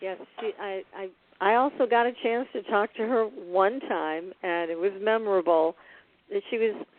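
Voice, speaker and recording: A woman's voice: medium pitch, normal speed, slight background noise. A woman co-hosting a conversational interview, chatty and affirming toward her guest. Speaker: co-host. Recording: tinny phone-line audio.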